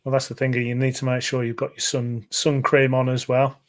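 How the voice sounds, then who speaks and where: A man from the English Midlands co-hosts a football podcast in a loose, chatty way. His voice sits in an ordinary middle pitch. He rambles, restarts sentences and fills the gaps with ums and uhs. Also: monotone, brisk. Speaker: podcast co-host. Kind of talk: casual football chat.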